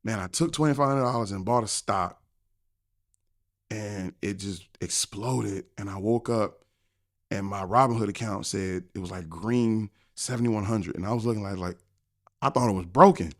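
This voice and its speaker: A middle-aged finance professor, a guest on a podcast, tells a story with lots of energy, acting out its characters and laughing often. His voice is lowish and he speaks at normal speed.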